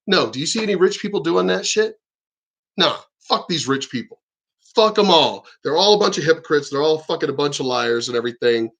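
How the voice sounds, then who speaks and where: A man's voice: high-pitched, sing-song, a little fast, sharp tone. A man hosting his own channel, ranting about politics in an angry, profane, rambling way. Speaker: channel host. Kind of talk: profane political rant vlog.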